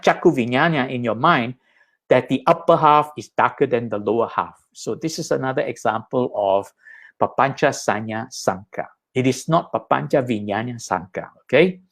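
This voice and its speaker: A man teaches Buddhist ideas from slides in a patient, explanatory way. His voice sits at a middle pitch, and he often checks in with his listeners as he explains.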